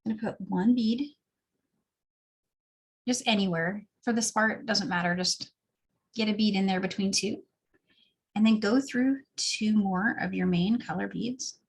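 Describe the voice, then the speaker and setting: A woman instructor walks through a beadwork project one step at a time, chatting as her hands work. Her voice is slightly husky and sits at an ordinary middle pitch. She sounds easygoing and explains as she goes. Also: measured pace, pauses often. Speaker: craft instructor. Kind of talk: step-by-step craft tutorial.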